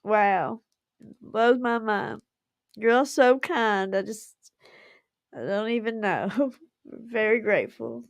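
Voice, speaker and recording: A woman's voice: mid-range voice, slow pace, pauses often, dry recording. A woman, hosting a casual livestream and chatting effusively with frequent giggles. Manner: effusive and giggly, laughs often. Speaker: livestream host.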